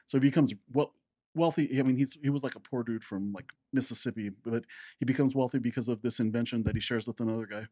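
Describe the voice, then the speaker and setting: A man's voice: medium pitch, steady tone, fast, mellow, dry recording, highs cut off. A man in his fifties co-hosting a casual podcast with his son, rambling through stories, laughing often and acting out quotes. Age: 50s. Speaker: podcast co-host, father. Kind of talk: casual chat.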